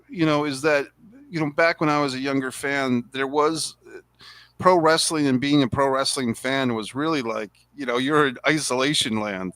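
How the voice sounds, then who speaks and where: A man hosting a casual interview, conversational and reading quotes aloud slowly. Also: mid-range voice, a bit bright, no room sound. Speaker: host.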